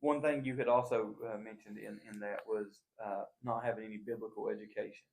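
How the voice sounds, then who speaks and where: A man co-hosting a podcast, asking questions in a thoughtful, halting way. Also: lowish voice, fairly even intonation, gravelly. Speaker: podcast co-host. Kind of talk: casual interview chat. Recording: echoey room.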